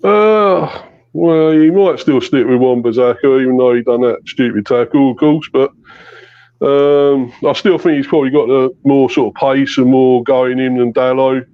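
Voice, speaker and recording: A man's voice: medium pitch, moderate pace. A man with a Mancunian accent on an online call, jokey and laughing often as he chats football. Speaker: guest panelist. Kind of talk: casual football chat. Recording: dull lo-fi call audio.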